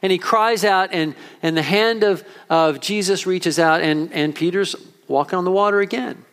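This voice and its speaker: High-voiced man preaching a sermon. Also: moderate pace, fairly bright tone. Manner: impassioned preaching with rising and falling intensity. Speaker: pastor.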